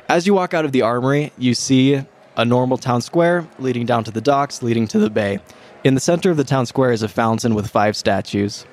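A man's voice: medium pitch, a little mellow. A young man runs a tabletop game as dungeon master, painting scenes with vivid detail. His voice sits in an ordinary middle range, and he laughs easily between descriptions.

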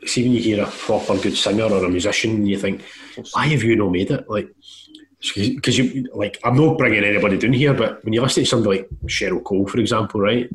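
A man's voice: on the low side, fast, rough recording. A Scottish man co-hosting a podcast, chatting casually and swearing now and then. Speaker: podcast co-host. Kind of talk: casual chat.

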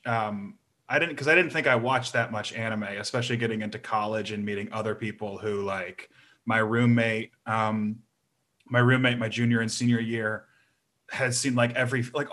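A man's voice: medium pitch, bright, forceful tone. A young man talking casually, rambling with many fillers and restarts. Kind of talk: casual chat.

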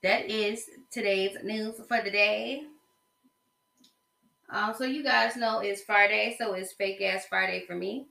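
A woman's voice: mid-range voice, fairly even intonation, measured pace, gravelly, pushed and bright, echoey room. A woman from the American South hosting a podcast, talking about reality TV in a blunt, chatty gossip style, with slang and lots of fillers. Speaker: podcast host. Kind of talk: casual gossip monologue.

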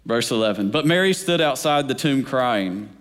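A man's voice: mid-range voice, animated, normal speed, a bit bright, slight background noise. A man pastor preaching a sermon in a church, with a rhythmic delivery that keeps asking the congregation whether they are following. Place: church sanctuary. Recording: long reverb of a large hall.

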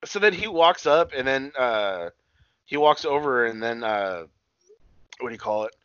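A man rambles through a loose, profane recap, stumbling over fillers and restarts. His voice is bright and forward. The sound is dry and a little dull, as if from a modest home mic. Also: mid-range voice, lively intonation, a little slow, clear, resonant tone, no echo. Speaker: podcast co-host recapping wrestling. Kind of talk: casual chat.

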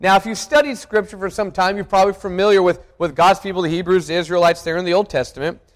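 A man's voice: high voice, steady tone, quick pace. A man preaching a sermon as pastor, earnest and reflective, often restarting and repeating words. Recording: long hall reverb.

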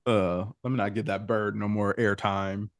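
A man co-hosting a casual pop culture podcast, talking in an animated, gossipy way with quick asides and laughs. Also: lowish voice, dry recording, studio quality. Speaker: podcast co-host.

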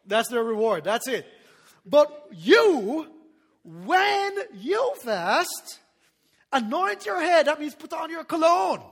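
A man preaching a sermon as pastor, animated, laughing often and calling for responses from the congregation. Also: very high-pitched, measured pace, in a large hall.

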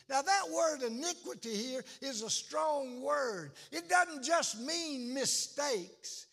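A man preaching a sermon, shouting and chanting phrases in a slow, drawn-out, impassioned way. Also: very high-pitched, expressive, some chatter behind. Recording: echoey hall.

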